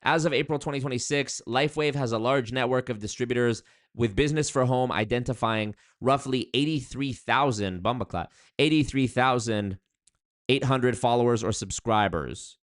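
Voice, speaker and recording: A man hosting a live-stream commentary show, reading chat aloud and reacting in an animated, jokey way with big leaps in pitch when he hypes viewers up. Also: normal speed. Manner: animated, jokey, big pitch swings, hype shout-outs.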